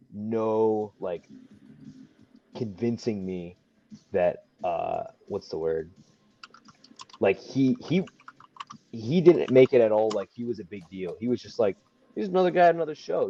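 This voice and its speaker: A man's voice: fairly low pitch, mellow, dry recording. Rambling young man, lo-fi podcast sound. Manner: rambling, many fillers, acts out quotes. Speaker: wrestler guest. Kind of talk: casual storytelling. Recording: dull lo-fi sound.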